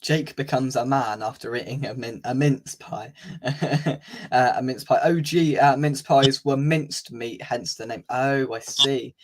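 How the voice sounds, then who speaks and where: A man's voice: medium pitch, unhurried. A man hosting a casual fan live stream, chatting, reading out viewer comments and laughing easily. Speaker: fan channel host.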